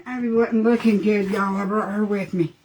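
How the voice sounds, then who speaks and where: A woman's voice: medium pitch, fairly even intonation, moderate pace, background noise. A woman chatting folksily through a live makeup demo, talking to her dogs between steps.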